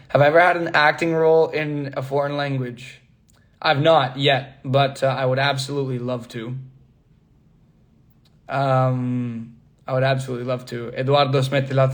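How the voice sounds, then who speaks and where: Reading fan comments aloud on a relaxed livestream, a young actor laughs a lot and switches languages as he responds. He speaks at a medium pitch.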